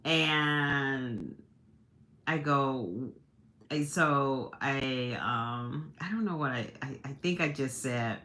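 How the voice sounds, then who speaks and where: Very low-voiced, slow-talking woman telling a story. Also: sharp tone. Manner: chatty, laughing, with many restarts. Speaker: livestream host. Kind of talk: casual storytelling to a live audience.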